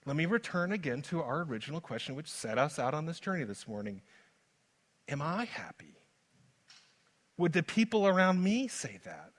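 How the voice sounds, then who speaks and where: A man preaching a sermon as pastor, moving from hushed lines to loud, urgent ones. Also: on the high side, sing-song, moderate pace. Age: adult father. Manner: dynamic preaching, swings from soft to loud.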